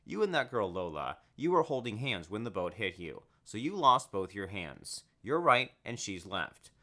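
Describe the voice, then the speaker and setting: A man's voice: fairly low pitch, sing-song, normal speed, bright, forceful tone, heavily acted. A man doing a detached hospital doctor. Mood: matter-of-fact. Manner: detached, clinical. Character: matter-of-fact male hospital doctor.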